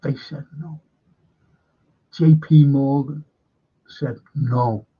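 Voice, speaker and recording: A man's voice: medium pitch, fairly even intonation, drawn-out words, slightly rough, lo-fi sound. A man hosting a film and TV review livestream, talking bluntly and swearing often as he rambles on, frustrated and in pain. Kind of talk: casual livestream chat.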